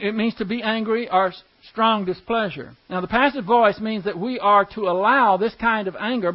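A man's voice: high voice, muffled recording. A man teaching a Bible class verse by verse, explaining Greek grammar step by step and asking the class questions.

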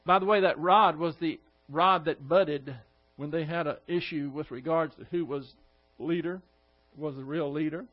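A man's voice: a little high, steady tone, normal speed. A man teaching a Bible study, animatedly retelling the scripture with asides and self-corrections, on a dull lo-fi recording.

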